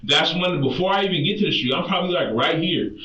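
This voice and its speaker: A young man in his twenties, questioned as a suspect by police, rambles in a distressed, slangy way. His fairly high voice is pushed and bright, moving quickly with lively intonation. The interrogation room audio sounds roomy, distant and muffled.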